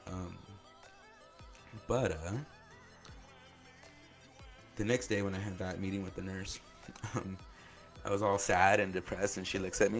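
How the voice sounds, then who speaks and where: Man, deep voice, podcast host, casual personal storytelling, faint music underneath. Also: little pitch movement, measured pace, pauses often. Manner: loose conversational, heavy use of "like".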